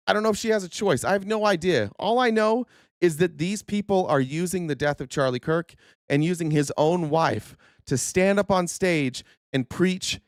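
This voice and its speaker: Hosting a political commentary livestream, a man speaks in an earnest, indignant tone, stumbling into restarts and losing his voice. His voice is high-pitched, and the recording is dry with clean studio sound.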